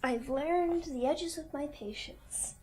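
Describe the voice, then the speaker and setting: A woman's voice: high-pitched, slow, dark tone, soft background music. A woman hosting a casual art livestream, chatting along and firmly telling a kitten no. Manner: chatty, firmly scolding a kitten between remarks. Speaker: livestream host. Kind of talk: casual livestream chat while drawing.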